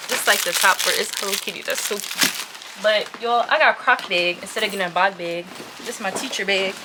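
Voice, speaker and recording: Chatty, excitable woman vlogger unboxing on camera, noisy takes with crinkling packaging. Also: mid-range voice, quick pace. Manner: chatty, easily excited, talks to viewers as "y'all". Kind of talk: casual unboxing chat.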